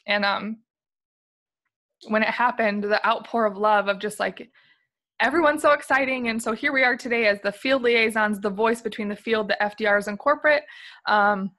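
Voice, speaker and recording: A woman in her thirties, originally from Flint, Michigan, speaks as an interview guest. She talks candidly and with feeling about her journey, laughing now and then and filling her pauses with "um" and "like.". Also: on the high side, steady tone, pushed and bright. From Flint, Michigan, USA. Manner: candid and emotional, laughs often, many fillers. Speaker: interview guest, company field liaison. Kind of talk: conference interview, personal story.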